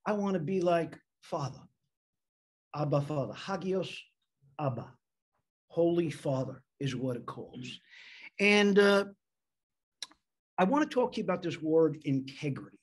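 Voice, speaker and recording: A man from the United States preaching a sermon as a men's pastor, animated, slowing down to stress key words. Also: a little high, husky.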